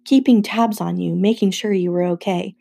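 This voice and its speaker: A woman's voice: mid-range voice, fairly even intonation, normal speed, vocal fry, mellow. A woman narrator voicing a nervous young male satyr boy who speaks hastily and earnestly. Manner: hasty, earnest.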